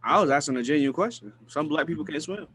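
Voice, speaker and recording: A man with a bright, animated voice cuts in with short, teasing remarks and slang during casual podcast chat. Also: a little high, fast talker, a little hiss or hum.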